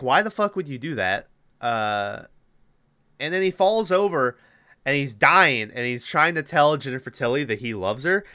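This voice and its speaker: A male podcast host in a casual, animated movie recap, swearing freely and rambling with fillers. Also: mid-range voice, clear, resonant tone, no echo, clean studio sound.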